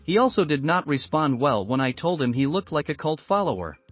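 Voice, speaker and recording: A man with a slightly high voice reads story posts in a steady, even way. The sound is dry, dull and lo-fi. Faint music plays underneath. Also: a little fast, dry recording. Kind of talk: scripted narration of reader posts.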